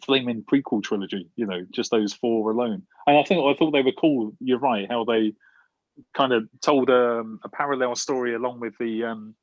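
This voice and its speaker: A man's voice: mid-range voice, moderate pace, no echo. Chatty man, dry and lo-fi. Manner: chatty, playful. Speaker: podcast co-host. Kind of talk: casual chat. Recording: dry, dull lo-fi audio.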